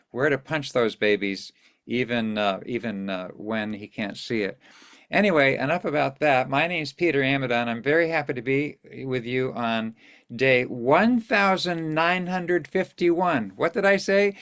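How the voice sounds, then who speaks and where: Older man, gravelly low edges, rambling friendly host, video call. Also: fairly bright tone. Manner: chatty and rambling, loses his place and restarts. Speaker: host of an online singing series. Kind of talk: casual greetings to a live online audience.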